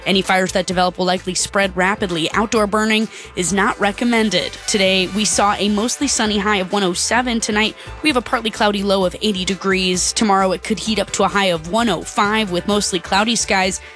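Female radio newsreader, steady delivery, faint music bed. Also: medium pitch, a little fast, few pauses. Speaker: news and traffic reporter. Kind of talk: radio news reading.

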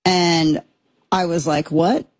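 A woman's voice: fairly low pitch, moderate pace, darkish tone, breathy edge, dry recording. A woman hosting a political commentary show, speaking in an emphatic, impassioned way that rambles with restarts. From United States.

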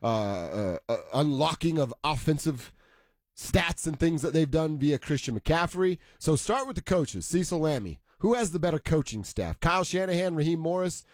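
A man's voice: fairly high pitch, animated, normal speed, no echo. A man hosting a sports talk show, chatting casually and laughing often.

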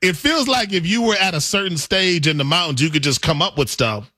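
A man's voice: high voice, animated, brisk, sharp tone, dry recording, studio quality. A man in casual chat, playful and teasing, who laughs often.

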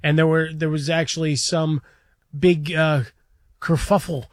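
A man's voice: a little high, flat delivery, measured pace, no echo. A man co-hosting a sports radio show in a studio, talking through a point in a wry, analytical way.

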